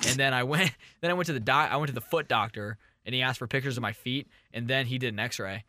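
A man's voice: mid-range voice, fast talker, sharp tone, no room sound. A young man co-hosting a podcast, telling rambling, jokey stories in casual chat. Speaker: podcast co-host.

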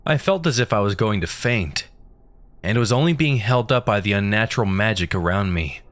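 A man narrating a first-person horror story in a steady, grim telling. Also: lowish voice, moderate pace.

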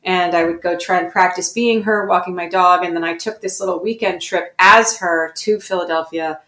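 A woman's voice: on the low side, fairly even intonation, normal speed, fairly bright tone, echoey room. A woman being interviewed as a guest actor, telling stories in a reflective, self-correcting way. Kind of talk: interview conversation.

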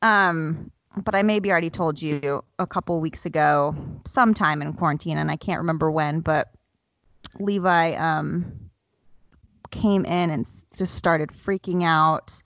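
A woman's voice: deep voice, unhurried, fairly bright tone, no echo. A woman in her thirties co-hosting a casual chat with friends, telling a family story animatedly and acting out her children's voices. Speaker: podcast co-host.

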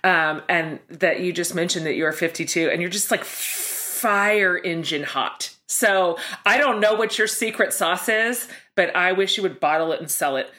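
A woman's voice: on the low side, moderate pace, hardly any pauses, bright, forceful tone. Effusive middle-aged woman host. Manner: enthusiastic, effusive, self-deprecating. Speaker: podcast host. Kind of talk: casual interview chat.

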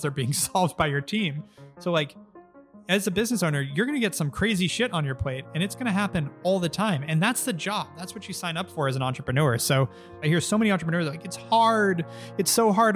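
Casual founder in his thirties, blunt and swearing, slightly raised voice, soft music underneath. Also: high-pitched. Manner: blunt, profane, animated storyteller. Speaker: agency founder and guest. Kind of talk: casual interview storytelling.

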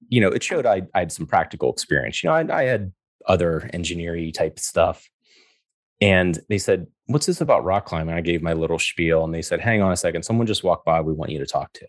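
A man's voice: low voice, animated, brisk, dry recording, studio quality. A middle-aged man telling stories in a casual interview, acting out the voices of the people he quotes and laughing often. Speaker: guest.

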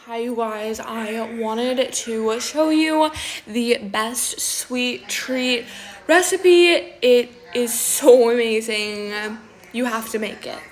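A woman's voice: on the high side, slow. A woman voicing a bubbly airheaded young female influencer, with a sing-song cadence that rises and falls. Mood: gushing. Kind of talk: parody video clip.

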